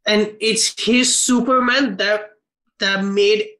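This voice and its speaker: A man's voice: sits high, steady tone, slow pace, bright, forceful tone, low-quality recording. A man co-hosting a film podcast, casual and heated, swearing and rambling with many restarts. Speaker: podcast co-host.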